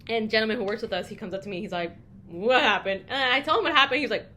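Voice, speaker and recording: A woman's voice: on the high side, lively intonation, rapid-fire, bright, forceful tone, a little hiss or hum. A young woman co-hosting a podcast, telling candid stories in casual chat and swearing freely. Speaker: podcast co-host.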